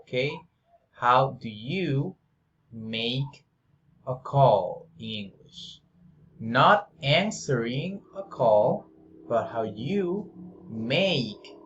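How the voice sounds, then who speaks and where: A man teaching English, slowly drilling example phrases and repeating them for the listener to practice. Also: mid-range voice, fairly bright tone. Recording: dull, lo-fi sound.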